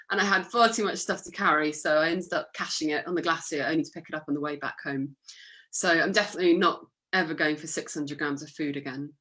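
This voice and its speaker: A woman's voice: mid-range voice, fairly bright tone. A woman giving an illustrated talk with slides, chatty and upbeat, with fillers. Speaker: guest speaker.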